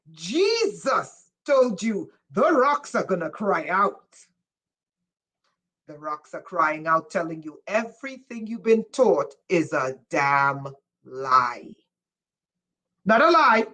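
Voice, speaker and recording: A woman giving a live-streamed spiritual lecture, speaking emphatically, repeating key lines slowly for effect, and asking her viewers questions as she goes. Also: medium pitch, pushed and bright, poor audio. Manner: asks listeners questions. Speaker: spiritual teacher.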